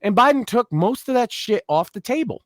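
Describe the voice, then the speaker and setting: High, lively, profane man co-hosting. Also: a little fast, dry recording, clean studio sound. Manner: profane, blunt, emphatic. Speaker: podcast co-host. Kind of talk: casual political chat.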